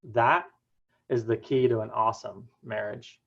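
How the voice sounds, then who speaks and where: A young man giving a prepared personal talk, telling his story earnestly with dramatic pauses. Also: mid-range voice, steady tone, creaky, lo-fi sound. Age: young adult. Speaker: student speaker.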